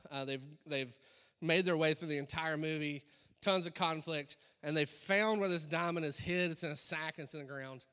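A man's voice: fairly high pitch, sharp tone. Man preaching in an echoey hall. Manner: conversational preaching with many fillers. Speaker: pastor. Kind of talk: sermon. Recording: long echoey hall reverb.

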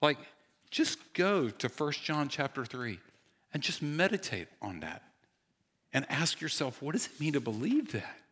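A man preaching and praying in an earnest, unhurried way. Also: fairly high pitch, sing-song, a bit bright, slightly rough. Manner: earnest, slow and pausing. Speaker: pastor. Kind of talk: sermon with prayer.

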